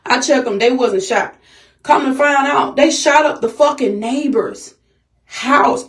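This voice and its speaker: A woman's voice: high-pitched, a little slow. Upset woman venting, profane and repetitive. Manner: agitated, profane, repetitive ranting. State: shaken, upset. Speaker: vlogger. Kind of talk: venting vlog to camera.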